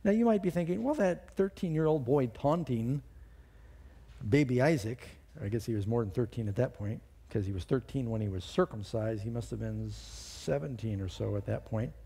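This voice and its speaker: A man's voice: fairly low pitch, lively intonation, a little fast, gravelly, hardly any pauses, mellow, husky. A man preaching a sermon, retelling scripture and a personal story, reading verses aloud with rising emphasis.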